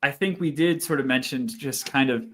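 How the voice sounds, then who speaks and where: A man speaking as a guest researcher in a casual interview, reflective and often laughing softly between phrases. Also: medium pitch, normal speed.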